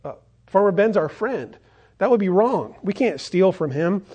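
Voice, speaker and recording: A pastor voices a young boy bear from a storybook. He sounds earnest and sincere, pitched a little above a man's usual talk. It is a light retelling voice, not a full character. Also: lively intonation, moderate pace, mellow, breathy edge, dull audio.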